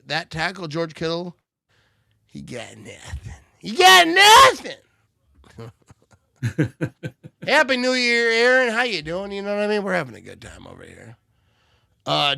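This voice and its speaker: A man's voice: sits high, gravelly, no room sound, clean studio sound. A man hosting a live watch party, joking and calling plays, a bit tipsy. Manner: loud, joking play-by-play banter. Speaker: livestream host.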